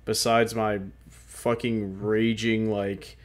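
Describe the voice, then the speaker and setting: A podcast co-host chats casually in a rambling, profane way, his volume swinging loud at times. His voice is fairly low, with little pitch movement, and he speaks slowly.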